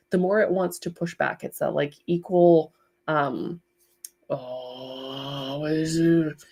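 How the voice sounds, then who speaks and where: A chatty woman hosts a casual art livestream from her home studio. Her voice sits a little low for a woman, and she rambles warmly with frequent giggles between thoughts. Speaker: livestream host, clay artist.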